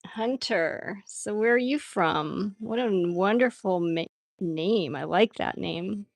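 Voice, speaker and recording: Reading viewer comments aloud and laughing frequently, a woman draws during her livestream and chats casually with the audience. She speaks slowly at a medium pitch with vocal fry, and the audio has no room sound.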